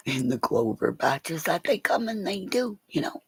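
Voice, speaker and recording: A woman's voice: low-pitched, moderate pace, few pauses, slightly rough, rough recording. A middle-aged woman chatting on a livestream, telling rambling stories about animals with lots of laughter and swearing. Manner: excitable, laughing, swearing, jumping between stories. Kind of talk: casual storytelling on a livestream.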